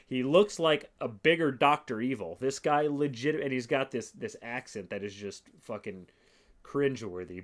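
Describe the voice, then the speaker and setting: A man hosting his own podcast, talking in a casual, profane and sarcastic monologue, reading quotes aloud slowly. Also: medium pitch. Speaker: podcast host.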